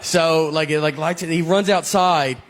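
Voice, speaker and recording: A man with a Southern accent doing a stand-up routine, telling rambling deadpan stories full of "like". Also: on the high side, moderate pace. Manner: deadpan, rambling storytelling with many "like"s. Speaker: stand-up comedian. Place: comedy stage with live audience. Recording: live show with crowd laughter and noise.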